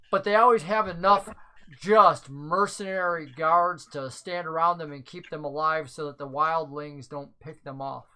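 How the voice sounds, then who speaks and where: Woman running a d&d game, bright crisp voice, chatty, lots of ums. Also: lowish voice, a little hiss or hum. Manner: chatty, filler-heavy description. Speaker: game master. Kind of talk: narrating a tabletop game.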